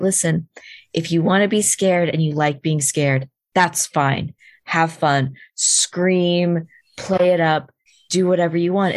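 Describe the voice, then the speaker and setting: Low-voiced woman telling a story. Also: dry recording. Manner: animated, swearing, filler-heavy. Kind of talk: casual storytelling.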